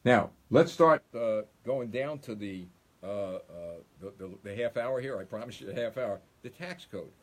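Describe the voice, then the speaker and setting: A middle-aged man hosts a political live stream in a mid-range voice at normal speed. His commentary monologue is emphatic and repetitive, and he calls his listeners "folks."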